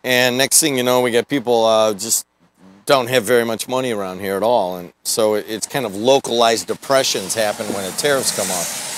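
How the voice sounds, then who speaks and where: A man's voice: mid-range voice, fairly quick, slight background noise. A middle-aged man hosting a morning radio show, talking in a rambling, folksy, jokey way outdoors. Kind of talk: casual talk radio monologue. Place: outdoors in the snow.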